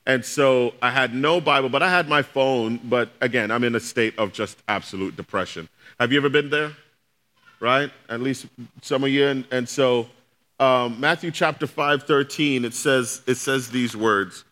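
A man's voice: medium pitch, normal speed, sharp tone. A man pastor preaching a sermon, telling a personal story in a conversational way and speaking directly to his congregation.

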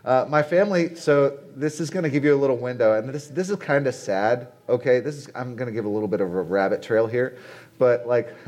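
A man's voice: medium pitch, brisk, darkish tone. A man in his late forties giving a conversational sermon to a conference audience, chatty and asking the crowd rhetorical questions. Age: 40s. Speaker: conference speaker. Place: conference venue.

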